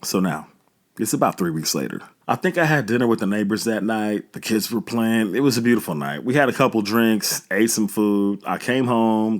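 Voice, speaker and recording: A man in his thirties, a podcast host, telling a true story in a relaxed, chatty, slangy way. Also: on the low side. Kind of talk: casual storytelling.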